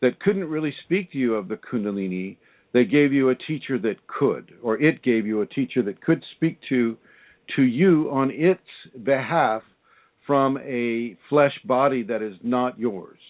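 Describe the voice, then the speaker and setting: A man's voice: medium pitch, lively intonation, a little slow. A man hosting a conversational interview over a video call, asking probing questions with frequent restarts. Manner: probing, with restarts and repeated words. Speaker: interview host and spiritual teacher. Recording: tinny phone-like line.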